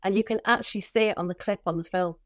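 A middle-aged woman with a softened Liverpool accent, a former cabinet minister chatting candidly and animatedly as an interview guest. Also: medium pitch, fast, no room sound, studio quality. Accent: mild Liverpool, softened toward southern English. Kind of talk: casual conversational interview.

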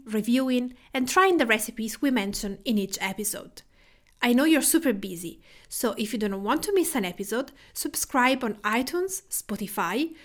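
A woman from Tuscany with an Italian accent, hosting a cooking podcast in a measured, scripted narration. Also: a little high. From Tuscany, Italy. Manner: measured, list-like delivery with Italian food terms. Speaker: podcast host.

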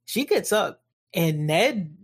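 A woman's voice: lowish voice, big pitch swings, takes it slowly, husky. A woman co-hosting a casual book discussion podcast, retelling scenes with quoted dialogue. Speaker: podcast co-host.

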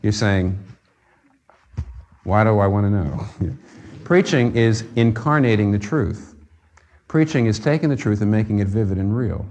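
A man's voice: on the low side, expressive, unhurried, long pauses, a little mellow. A man preaching a sermon, earnest and conversational, rising to fervent emphasis on key points. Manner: conversational with fillers and restarts. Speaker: pastor.

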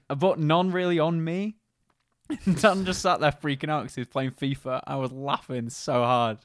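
A man's voice: mid-range voice, no room sound, studio quality. Laughing young Englishman telling a story. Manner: laughing storyteller, swearing freely. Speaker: podcast co-host. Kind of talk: casual chat. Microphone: close podcast mic.

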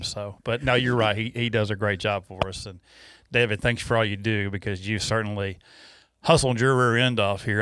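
A man's voice: on the low side, fairly bright tone, clear, resonant tone, no echo, clean studio sound. A man hosting a podcast in casual, rambling chat, laughing and restarting his sentences. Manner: rambling, laughing, self-interrupting. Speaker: podcast host.

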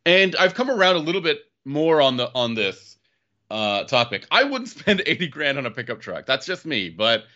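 A man co-hosts a casual car podcast in a mid-range voice at moderate pace, animated yet hesitant, with many fillers and restarts. The sound is dull and lo-fi.

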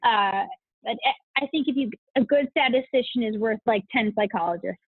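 A woman's voice: on the high side, moderate pace, breathy edge, dry recording. A woman guest on a podcast, chatting casually and enthusiastically, gushing and laughing often. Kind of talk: casual interview chat. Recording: tinny phone-like line.

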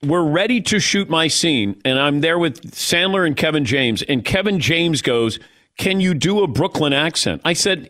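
A man's voice: on the high side, lively intonation, normal speed, a bit bright. A middle-aged man hosting a sports radio show, talking in a wry, self-deprecating way and reading ads live. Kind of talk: casual radio banter and live ad reads. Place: radio studio. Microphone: studio microphone.

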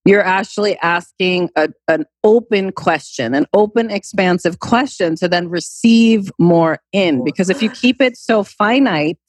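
A woman hosting a podcast in a casual chat, upbeat and quick to agree. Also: on the low side, husky, no room sound. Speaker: podcast host.

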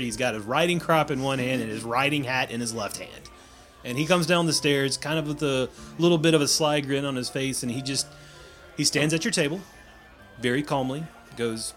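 A man narrating a tabletop game as game master, casual and quick to laugh. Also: medium pitch, fairly bright tone.

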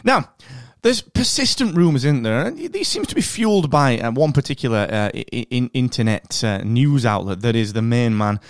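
A man with a Northern English accent hosting a podcast, chatting in an animated, rambling way with plenty of fillers. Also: medium pitch, moderate pace, hardly any pauses, no echo, clean studio sound. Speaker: podcast host. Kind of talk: casual podcast monologue.

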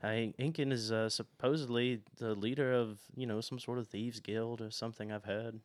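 A man's voice: mid-range voice, steady tone, moderate pace, no echo, natural voice. Dude voicing a nervous stammery sweeper guy, scared of everything, dry sound. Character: timid stammering young male sweeper.

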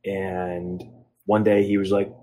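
A man in his thirties from Philadelphia, a guest on a casual podcast, telling long rambling stories. His voice sits low and a little husky, and he fills pauses with ums. He slips into quick impressions when he quotes other people. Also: level tone, mellow. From Philadelphia, USA. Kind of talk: casual storytelling interview.

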